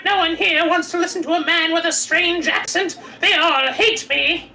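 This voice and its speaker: A woman's voice: very high-pitched, fairly even intonation, moderate pace, pushed and bright, soft background music, heavily acted, poor audio. A woman voicing a despairing young male student accused of murder, self-pitying and clingy, reading a visual novel aloud. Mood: bitter.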